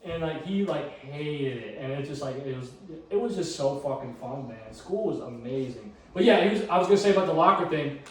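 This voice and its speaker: A young man co-hosting a podcast, telling rambling, profane stories in a lively way, recorded on a phone from across the room. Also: a little high, fairly quick, hardly any pauses. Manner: animated, profane storytelling full of "like" and "dude". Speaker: podcast co-host. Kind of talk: casual group chat. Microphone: phone camera across the room. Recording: echoey room, phone mic from far off.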